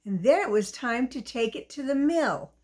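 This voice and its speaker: A woman reading a children's story aloud, gentle and sing-song, talking to young listeners. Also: fairly high pitch, expressive, normal speed.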